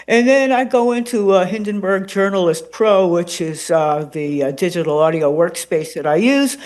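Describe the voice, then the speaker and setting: A radio host and podcaster, a woman, chatting as a guest in an interview, animated and rambling with plenty of ums and uhs. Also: lowish voice. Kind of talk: casual interview chat.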